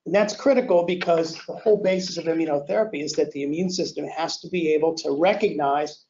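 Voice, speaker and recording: An older male lecturer with a somewhat high voice speaks at a podium mic in a lecture hall. He talks in a relaxed, self-deprecating way, clears his throat often and restarts sentences. The recording sounds dull and lo-fi. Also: fast talker. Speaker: invited lecturer. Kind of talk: academic lecture. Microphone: handheld or podium mic.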